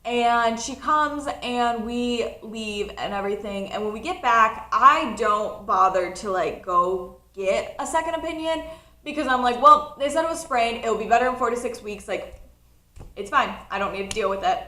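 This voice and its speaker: A nineteen-year-old woman telling a personal story in a casual vlog, chatty and animated, often laughing. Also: fairly high pitch, moderate pace, echoey room. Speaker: college student vlogger.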